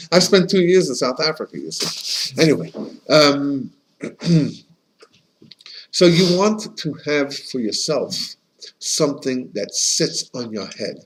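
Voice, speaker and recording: A rabbi with a slightly high, lively voice leads a casual class, speaking slowly with frequent pauses. He tells chatty anecdotes, often restarts his sentences, and sprinkles in Yiddish and Hebrew terms. The audio is poor, with a faint hiss or hum.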